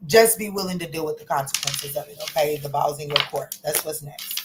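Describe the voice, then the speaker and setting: A woman's voice: sits low, fairly even intonation, a little fast, hardly any pauses, background noise. Chatty woman doing a casual tarot reading. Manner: chatty, folksy, calls listeners baby and honey, curses freely. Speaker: tarot reader.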